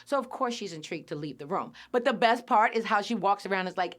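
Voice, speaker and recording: On her podcast, a woman runs through a cartoon episode in a casual recap, performing the characters' lines with lots of laughter as an animated storyteller. She speaks fast in a mid-range voice, barely pausing.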